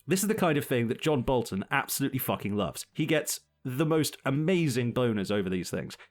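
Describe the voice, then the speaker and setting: A man talks in a loose, rambling podcast chat. He sounds sardonic and swears freely. His voice sits at an ordinary pitch for a man. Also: sing-song, fairly quick, faint music behind. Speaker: podcast co-host. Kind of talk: casual political chat.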